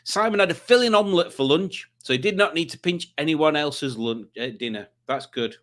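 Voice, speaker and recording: A man's voice: fairly high pitch, a little fast, fairly bright tone. Man, casual livestream quiz host, rambling chat, reads comments out, self-mocking asides.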